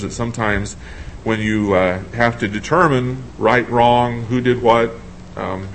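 A man's voice: mid-range voice, fairly bright tone, slight background noise, poor audio. A man preaching a sermon in a conversational way, asking his congregation questions and thinking aloud as he reads scripture.

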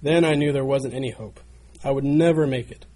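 A man's voice: mid-range voice, steady tone, brisk, a little mellow, lightly acted. A man voicing a talking teacup that tells how it suffered in the potter's hands, pleading and crying out.

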